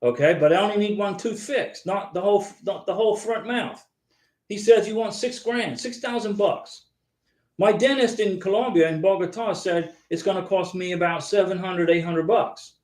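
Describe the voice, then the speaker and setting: A man rambles his way through a live stream, repeating himself and calling viewers by name as he answers their comments. His voice sits fairly high for a man, and the room around him rings with echo. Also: moderate pace, a little mellow. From United States. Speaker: host of a live visa advice stream.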